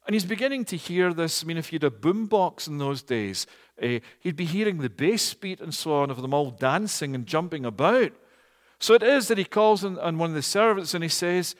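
A man from Scotland, preaching a storytelling sermon, animated and rising to loud emphatic peaks. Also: a little high, a little fast. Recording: long hall reverb.

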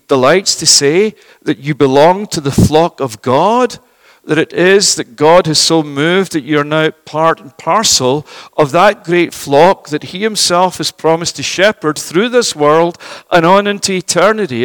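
A man's voice: fairly high pitch, a bit bright, dry recording, rough recording. A man preaching a sermon earnestly and emphatically, asking his listeners questions and often repeating and restarting phrases.

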